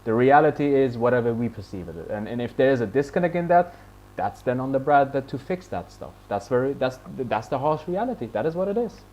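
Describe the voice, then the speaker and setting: A man hosting a casual online audio chat, emphatic and quick to laugh. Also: medium pitch, lively intonation, mellow, muffled recording. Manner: emphatic, laughs often, calls people "man". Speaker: host of an online audio space.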